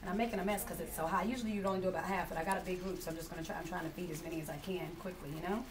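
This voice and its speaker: A woman's voice: lowish voice, fairly even intonation, rapid-fire, a crowd in the background. A woman with an African American accent, leading a live tea demonstration for a group in a chatty, laughing manner. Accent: African American Vernacular English. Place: room with a group, kitchen sounds. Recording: distant mic with room noise.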